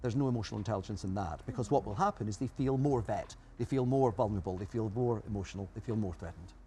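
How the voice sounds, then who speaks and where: A man's voice: fairly low pitch, fast, mellow, a little hiss or hum. Emphatic male guest explaining ideas. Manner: emphatic, explanatory, lists points. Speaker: guest expert. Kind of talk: interview answers.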